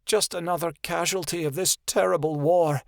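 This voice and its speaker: A man voicing a sorrowful female fairy who speaks hushed and bitter. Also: fairly high pitch, steady tone, normal speed, vocal fry, no room sound, clean studio sound, pitched above the performer's own voice.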